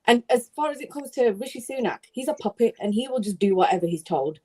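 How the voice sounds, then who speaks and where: A woman's voice: on the high side, expressive, fast talker, warm tone, breathy edge, poor audio. A woman hosting a heated panel debate, talking bluntly and swearing. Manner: blunt, swears, mocks in put-on voices.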